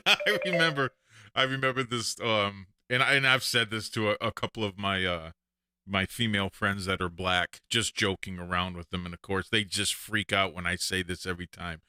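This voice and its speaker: A man's voice: on the low side, normal speed, pushed and bright, clean tone, no room sound, clean studio sound. A man with a Texan accent hosting a live call-in stream, telling stories and laughing often. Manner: storytelling, jokey, laughs often. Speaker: show host.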